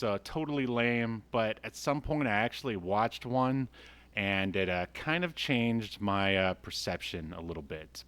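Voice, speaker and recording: Male podcast host: low, smooth voice, relaxed and chuckly, loose rambling delivery. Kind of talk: casual podcast chat.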